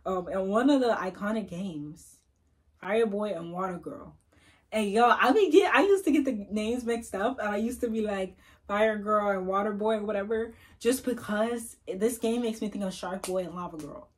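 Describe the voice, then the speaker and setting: A young female gaming YouTuber with a medium-pitched voice does casual let's-play commentary at her computer at a moderate pace. She chats with viewers and coaxes and teases the game characters while faint game music plays behind her.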